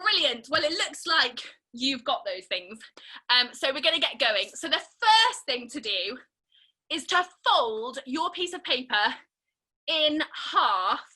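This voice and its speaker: A woman's voice: high voice, very animated, low-quality recording. A young woman leading an online family theatre and craft session, playful and encouraging as she guides children step by step. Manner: bright, playful and encouraging, speaking slowly to children. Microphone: video call.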